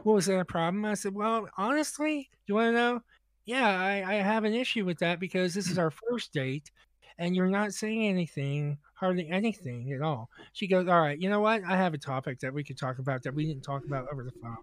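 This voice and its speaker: Male podcast co-host, high voice, dry close sound; rambling storyteller who restarts often and plays both sides of the dialogue. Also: fairly quick, no echo. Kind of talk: casual comedic storytelling.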